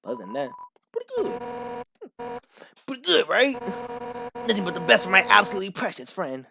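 A man's voice: high-pitched, sing-song, a little fast, vocal fry, noisy background, heavily acted. A man reading as a brash fish warrior woman. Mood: gruff. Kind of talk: reading game dialogue aloud.

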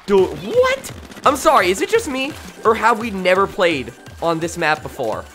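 A man doing live gameplay commentary on a stream, excitable and jokey, jumping from loud yelps to low mumbles. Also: measured pace, faint music behind. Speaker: gaming streamer.

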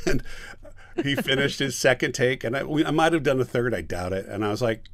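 A man's voice: medium pitch, fairly quick, dry recording. A man who directs and teaches voice acting, telling a story in a casual podcast interview and acting out the people in it. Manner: animated storyteller, acts out quoted voices.

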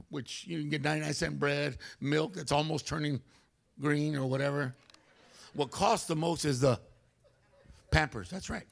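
A man preaching a humorous storytelling sermon in a church, animated and comic, acting out voices. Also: a little high, normal speed, vocal fry, long pauses. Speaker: guest preacher. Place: church sanctuary.

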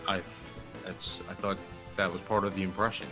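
A man on a casual gaming stream, deadpan and rambling as he banters with his friends. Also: low voice, moderate pace. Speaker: stream co-host. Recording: loud music behind the voice.

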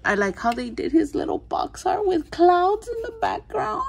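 A woman unboxing collectible toys in casual chat, gushing over each one, gasping often and slipping into soft whispers. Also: fairly high pitch, very animated, a little slow, creaky, few pauses, noisy background. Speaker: toy collector vlogger.

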